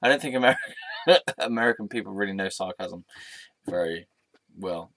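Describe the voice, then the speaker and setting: Low-voiced man rambling candidly on a vlog. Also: normal speed, a bit bright. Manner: rambling, candid, swears freely, lots of ums; dry sarcastic humor. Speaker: vlogger. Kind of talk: casual personal vlog monologue.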